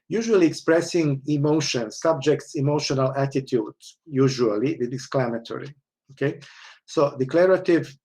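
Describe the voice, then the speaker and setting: A university lecturer gives an online lecture in a mid-range voice with a dark tone. He explains things, restarts his sentences, and keeps checking in with "okay?"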